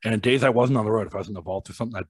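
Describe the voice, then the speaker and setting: A man from Massachusetts spins a casual story as a podcast guest. His voice is slightly husky and his delivery blunt and profane. The sound is dry and close, with no room around it. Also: lowish voice, rapid-fire, no echo. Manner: blunt, profane, animated when quoting himself.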